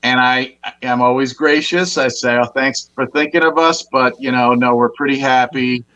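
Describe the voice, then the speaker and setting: A man's voice: medium pitch, fairly even intonation, normal speed, sharp tone, no echo, low-quality recording. A man who organizes music jams, chatting casually and easygoingly, chiming in often while others talk. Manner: easygoing, backchannels a lot. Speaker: jam session organizer. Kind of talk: casual chat.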